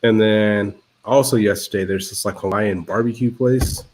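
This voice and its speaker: A man with a fairly low voice, hosting a relaxed post-game chat about his team's losses. His manner is dry and blunt, full of deadpan jokes. He talks casually, with plenty of "like" and filler. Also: moderate pace. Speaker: podcast co-host.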